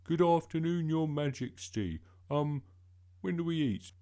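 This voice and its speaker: Cheeky, stubborn schoolboy, as a man reads him, high and lively, a gravelly edge underneath. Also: a little slow, full character voice. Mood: earnest. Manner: high, earnest and protesting.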